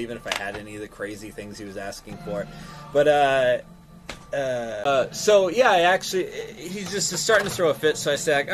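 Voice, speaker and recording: A man telling a rambling story on his stream, swearing freely and easily distracted. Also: medium pitch. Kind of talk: casual storytelling on a live stream.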